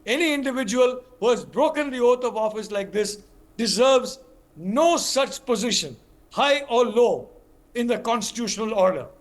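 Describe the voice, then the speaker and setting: A man's voice: extremely high pitch, expressive, normal speed. An older man with an Indian English accent, a panelist in a TV news debate, speaking emphatically with frequent restarts and repeated words.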